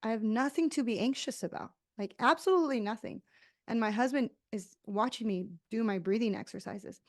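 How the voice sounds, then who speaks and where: A woman's voice: on the high side, fairly quick. A woman hosting an interview podcast who tells a candid personal story in casual conversation. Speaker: podcast host.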